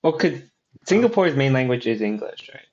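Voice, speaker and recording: A man's voice: medium pitch, sing-song, normal speed, darkish tone. A man co-hosting a casual podcast chat, rambling with lots of fillers and restarts. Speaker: podcast co-host. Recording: dull lo-fi audio.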